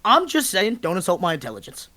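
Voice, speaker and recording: A man co-hosting a sports podcast, ranting passionately and emphatically, with swearing and bursts of near-shouting. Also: sits high, wildly swooping pitch, fast. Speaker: podcast co-host. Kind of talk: heated sports talk rant.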